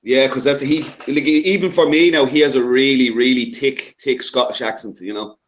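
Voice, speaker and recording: A man's voice: mid-range voice, fairly even intonation, normal speed, lo-fi sound. Chatty Irish man. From Ireland. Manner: chatty, swears casually, laughs a lot. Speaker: guest on stream. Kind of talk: casual chat.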